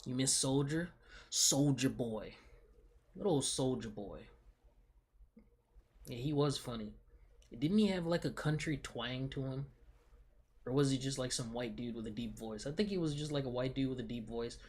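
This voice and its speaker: Young male streamer, husky voice, slangy laid-back rambling chat. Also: medium pitch, moderate pace, long pauses, darkish tone. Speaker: livestreamer. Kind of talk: casual livestream chat.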